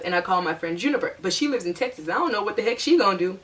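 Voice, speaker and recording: A young woman talks straight to her viewers, retelling a bad weekend in a chatty, animated monologue full of "like". Her voice sits at an ordinary middle pitch. The mic is a little distant, so she sounds slightly set back from it. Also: quick pace, hardly any pauses, slight background noise. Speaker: vlogger telling a personal story. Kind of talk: casual storytime monologue.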